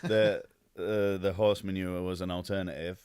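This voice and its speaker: A man's voice: deep voice, little pitch movement, normal speed, a little mellow, smooth, no echo, studio quality. A man talking as a podcast guest, a wrestler telling stories in a laid-back, easygoing way. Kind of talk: casual chat.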